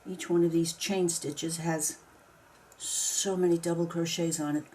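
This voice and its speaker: Her voice is lowish, steady, and darkish as a woman making a craft video talks herself through the project step by step at a measured pace. She narrates casually, grumbling mildly at the work from time to time, and the recording has a little hiss or hum.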